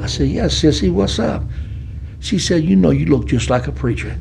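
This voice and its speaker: An older man with a Southern US city accent, telling his life story as a podcast guest in a preacherly, animated way. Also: fairly high pitch, moderate pace, vocal fry, soft background music. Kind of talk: storytelling testimony.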